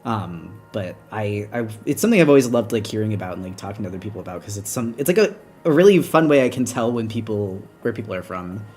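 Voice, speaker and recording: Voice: mid-range voice, quick pace, hardly any pauses, faint music behind. Chatty young adult host, rambling. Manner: rambling, laughs often, lively asides. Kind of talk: casual chat.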